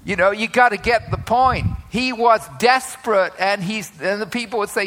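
A man's voice: high-pitched, normal speed, few pauses, fairly bright tone. A man preaching a sermon, chatty in tone, with frequent asides and tag questions. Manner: conversational, with many filler asides and tag questions.

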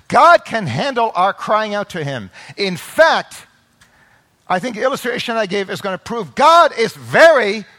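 A man preaching a sermon in a high, lively voice that climbs and falls across a wide span. He drops to quiet, low explanation and then builds into loud, impassioned exclamations. Along the way he acts out the voices of parents and crying children. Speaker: pastor.

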